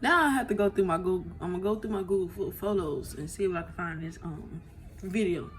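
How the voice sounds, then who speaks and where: A woman's voice: on the low side, brisk, slight background noise. A woman vlogger telling her story to viewers on a phone, emotional and blunt, swearing freely and often asking "you know what I'm saying".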